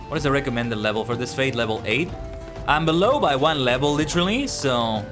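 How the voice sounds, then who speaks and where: A man's voice: mid-range voice, animated, fairly quick, over music. A man streaming himself playing a game, chatting casually and rambling in a self-deprecating way. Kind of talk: casual gameplay commentary.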